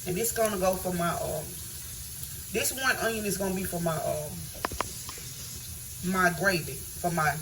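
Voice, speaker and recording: A woman's voice: fairly low pitch, moderate pace, pauses often. Lady talking y'all through her cooking, home kitchen, faint hiss. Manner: chatty, addresses viewers as y'all. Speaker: cooking vlogger. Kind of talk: casual cooking demonstration.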